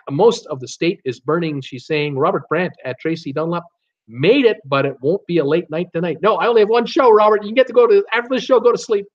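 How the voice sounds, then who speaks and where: Casting note: man from Canada, stream host reading viewer chat, chatty and rambling, fairly high voice, dull lo-fi sound. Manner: chatty, reads viewer comments aloud with many fillers. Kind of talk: casual live-stream chat.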